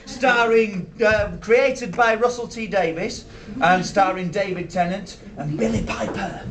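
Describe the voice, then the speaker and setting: A man in his thirties playing a nerdy, petulant male sci-fi fan with a Yorkshire accent, shouting and stammering his way through live character stand-up. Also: unhurried, distant mic, slight background noise. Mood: ranting. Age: 30s. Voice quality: high, shouty, stammering and indignant. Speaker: comedy character performer. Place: small theatre stage with a live audience. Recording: roomy live venue from afar, audience.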